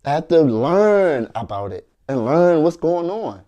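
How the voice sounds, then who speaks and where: A man's voice: on the high side, very animated, unhurried, warm tone, highs cut off. A man earnestly recounting arguments with his wife over his hobby and his work. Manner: aggrieved, earnest, retelling arguments. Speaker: content creator and street performer. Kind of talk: storytelling to camera.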